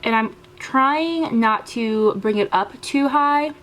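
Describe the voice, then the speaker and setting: A woman's voice: fairly high pitch, slow, a bit bright. A young woman talking through her makeup routine step by step, casual and chatty, with frequent fillers. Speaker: beauty vlogger. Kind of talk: makeup tutorial voice-over.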